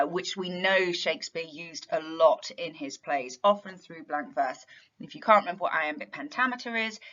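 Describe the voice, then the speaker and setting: A woman's voice: fairly low pitch, fairly bright tone, highs cut off. A woman teaching English literature in a revision tutorial, explaining step by step and asking rhetorical questions.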